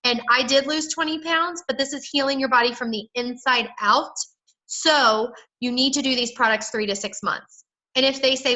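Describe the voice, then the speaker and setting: Her high-pitched voice sounds pushed and bright as she coaches her sales team at a moderate pace on a low-quality phone call. The woman is chatty and emphatic, regularly acting out dialogue she'd use with people.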